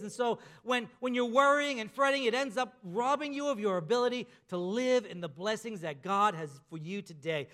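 A man preaching a sermon, emphatic, slowing down and dropping softer at the ends of key phrases. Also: sits high. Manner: emphatic preaching with slow drawn-out endings. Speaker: pastor.

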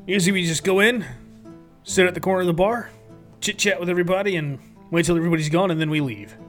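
A man's voice: high-pitched, fast talker, lightly acted. A man voicing a chatty, friendly male courier who rambles with many fillers, over faint guitar music. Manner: rambling, hesitant, full of fillers.

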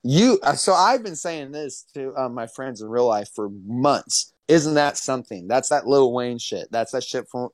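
Young male podcast host, lively and crude, dry close mic. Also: medium pitch, normal speed, few pauses, no room sound. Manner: animated, profane, repeats himself. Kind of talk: casual podcast banter.

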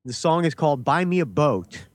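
A man's voice: on the high side, sing-song, normal speed, dry recording. A man co-hosting a casual podcast chat, offhand and opinionated. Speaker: podcast co-host.

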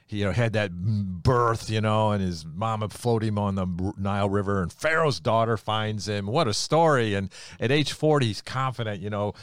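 Low-voiced animated storytelling podcast host. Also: male voice, normal speed, few pauses, clean tone, no room sound, studio quality. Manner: animated storyteller who acts out the quoted lines. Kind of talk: casual Bible storytelling chat.

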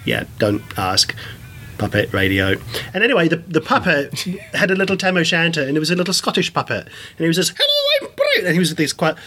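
Enthusiastic male guest, fairly high voice, lively storyteller, faint hiss behind. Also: brisk. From England. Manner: animated, enthusiastic, many restarts. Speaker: guest, science communicator and performer. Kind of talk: casual storytelling interview.

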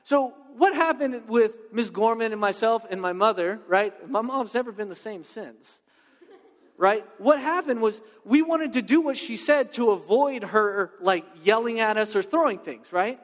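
A man preaching a sermon in a conversational, animated way, full of personal stories and checking in with "right?". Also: high voice, a little slow. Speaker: pastor. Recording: long reverb of a large hall.

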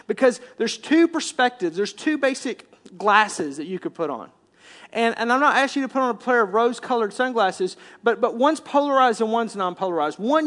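High-voiced man preaching with animated emphasis. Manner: acts out complaining voices. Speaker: pastor. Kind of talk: sermon.

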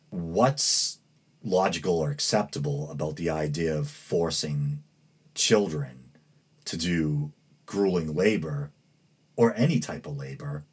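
Male podcast host, New England accent, deep and extremely clear voice, rambling, hesitant delivery. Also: a little mellow. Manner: rambling, hesitant, with many fillers and self-corrections. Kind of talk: casual commentary, reading news aloud.

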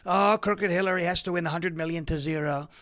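A man doing a mocking impression of a lovesick man and woman, crooning in a breathy mock-romantic way. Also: on the high side, fairly even intonation, brisk, fairly bright tone, natural voice. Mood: mocking, swooning. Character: two swooning lovesick agents, man and woman, mocked.

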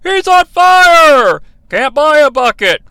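A man doing a yelling ringside commentator. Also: extremely high pitch, big pitch swings, slow pace, vocal fry, no echo, pitched above the performer's own voice, heavily acted. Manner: loud, yelling play-by-play. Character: excitable older male wrestling commentator yelling.

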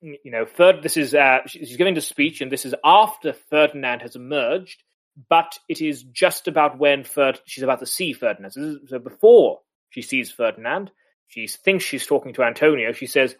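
A man's voice: mid-range voice, moderate pace. A man co-hosting a podcast in a casual literary discussion, rambling with many restarts and chuckles. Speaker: podcast co-host.

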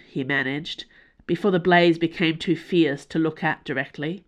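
A woman with a lowish voice narrating an audiobook. Her delivery is expressive and shifts with the action of the story. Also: measured pace.

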